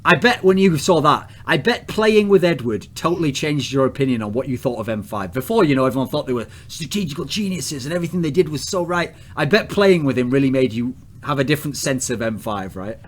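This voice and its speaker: A man's voice: medium pitch, quick pace, few pauses. An English man hosting a casual podcast chat, blunt, provocative and crude in his questions. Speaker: podcast host.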